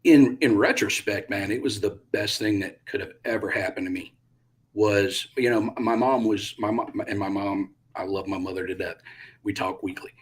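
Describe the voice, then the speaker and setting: A man's voice: on the low side, moderate pace. A middle-aged man, a retired Army pilot, telling stories in a casual interview and acting out the quotes. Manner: animated, acts out quotes with bursts of loudness.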